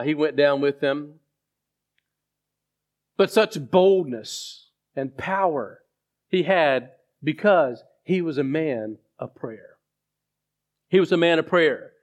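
A man preaching a sermon as pastor, telling a story with frequent restarts. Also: on the high side. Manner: halting storyteller with many restarts.

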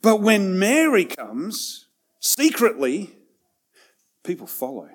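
A man preaching a sermon in a conversational way, with self-deprecating asides, swinging between loud and hushed passages. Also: high-pitched, huge pitch swings, takes it slowly. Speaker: pastor.

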